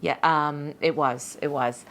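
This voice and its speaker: A woman's voice: low-pitched, takes it slowly, slight background noise. A middle-aged woman, a judge, telling stories in a casual interview, often repeating words and acting out what people said. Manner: lively, repeats words, acts out quotes. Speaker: judge and podcast guest.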